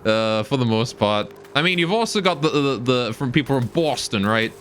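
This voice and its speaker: A male live streamer with a mid-pitched voice narrates his moves as he plays. He swears and mutters at the game, then turns to chat with his viewers. A faint noise runs under his voice. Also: expressive, moderate pace, a bit bright. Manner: talks to viewers between game instructions. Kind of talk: live gameplay commentary.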